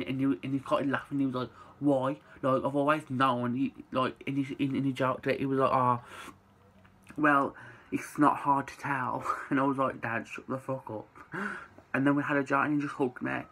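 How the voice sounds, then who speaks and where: A man's voice: mid-range voice, little pitch movement, a little fast, a bit bright, breathy edge, rough recording. A young man, telling a personal story to camera in a chatty way, with lots of "like" and casual swearing. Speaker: vlogger.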